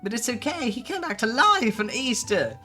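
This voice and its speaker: Brief: expressive streamer, mid-range pitch with wide melodic swings, reads stories aloud and breaks into laughter, faint backing music. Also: normal speed. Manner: animated, laughs often, swears casually. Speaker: VTuber streamer. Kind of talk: casual live-stream chat reading posts aloud.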